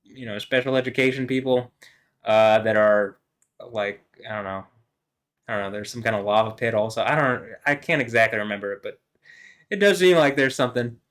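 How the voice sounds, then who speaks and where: A man's voice: mid-range voice, a little fast, fairly bright tone. A man talking alone to camera in a meandering, profane monologue, full of fillers and restarts. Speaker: vlogger. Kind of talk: rambling solo monologue.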